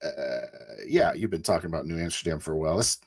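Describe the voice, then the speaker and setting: Deep-voiced man playing a tabletop game. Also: quick pace, slightly rough. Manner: loose, hesitant talk with fillers. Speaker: player. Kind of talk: casual tabletop role-play.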